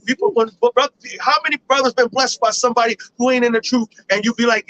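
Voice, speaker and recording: A man teaching a Bible study in a slangy, profane, animated street style. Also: extremely high pitch, quick pace, highs cut off, a little hiss or hum. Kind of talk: informal scripture commentary.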